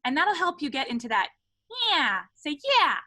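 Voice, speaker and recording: A woman's voice: high-pitched, sing-song, normal speed, bright, forceful tone. A woman voice teacher running an online lesson over a video call, often demonstrating with sung meows.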